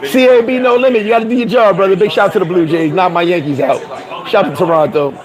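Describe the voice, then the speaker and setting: A man hosting a casual livestream, laughing often, talking in slang and giving shout-outs to viewers. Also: high voice, fairly even intonation, fast talker, rough recording. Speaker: livestream host. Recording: crowd chatter behind.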